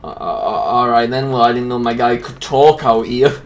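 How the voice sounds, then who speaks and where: Excitable swearing gaming commentator. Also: male voice, mid-range voice, normal speed. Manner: excitable, swears a lot, jokey. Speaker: gaming YouTuber. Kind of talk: casual gameplay commentary.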